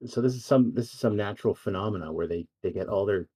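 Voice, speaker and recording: A man's voice: lowish voice, fast, warm tone, husky. A man co-hosting a casual chat, laid-back and given to short reactions.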